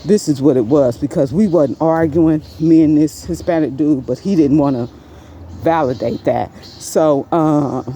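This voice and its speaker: A woman casually recounting a store incident as a vlog storytime, animated and rambling, her pitch leaping up whenever she quotes someone. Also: unhurried, slight background noise. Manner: animated, jumps much higher in pitch when quoting herself and others; rambling, many fillers and restarts. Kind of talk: casual first-person storytime.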